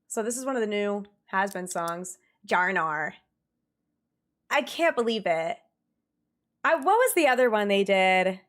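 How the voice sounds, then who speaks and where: A young woman streaming, chatting casually with viewers and ranting in an exasperated, animated way. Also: mid-range voice, normal speed. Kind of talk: casual livestream chat.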